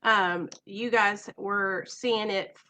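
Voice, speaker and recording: A woman's voice: medium pitch, steady tone, very slow, pushed and bright. A young woman, chatting casually and emotionally on a home live stream, nervous and rambling. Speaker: vlogger.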